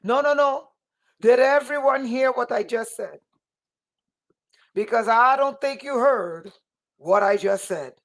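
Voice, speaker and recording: A woman with a high voice talks slowly and with fervor on a livestream, like a spiritual teacher. She repeats phrases for emphasis and now and then pushes up into a shout. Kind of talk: impassioned livestream talk.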